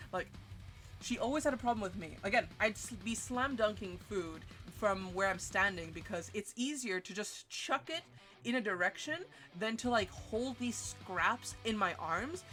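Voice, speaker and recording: A woman streamer telling a story in a casual, animated rant full of swearing, with big jumps in pitch. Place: home streaming setup. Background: faint music.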